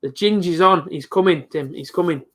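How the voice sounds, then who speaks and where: A young man giving live football reaction commentary as a fan streamer, chatty and excitable, talking to his viewers as he goes. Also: a little high, moderate pace.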